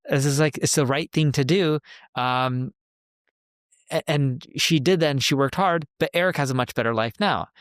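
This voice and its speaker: A man's voice: fairly high pitch, smooth, dry recording, studio quality. A man in his forties co-hosting a podcast, telling a personal story in casual, conversational chat and quoting the people he talks about. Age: 40s. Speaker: podcast co-host.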